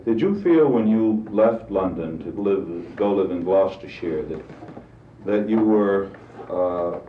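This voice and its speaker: A man with a lowish voice puts polite, probing questions to his guest. He is heard from a distance on a dull old tape in an echoey room, with faint hiss underneath. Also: animated, measured pace. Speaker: interviewer. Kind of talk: recorded archival interview.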